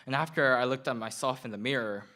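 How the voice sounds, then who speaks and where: A young man with a Korean accent performing his own slam poem at a school event, earnest and measured, repeating phrases for effect. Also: mid-range voice, sharp tone. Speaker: student poet.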